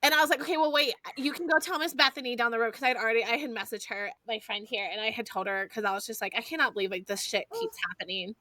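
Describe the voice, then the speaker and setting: A woman, hosting a podcast and telling stories in a lively, foul-mouthed, chatty way. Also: on the high side, fast, hardly any pauses, no room sound. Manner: animated storyteller, swears freely, addresses listeners as y'all. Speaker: podcast host. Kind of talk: casual chat.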